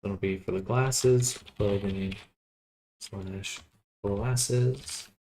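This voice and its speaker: A sleepy man thinking aloud in a quiet, unhurried murmur while he works through a task on a livestream. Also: on the low side, steady tone, slight background noise. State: sleepy, yawning. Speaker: livestreamer building avatars.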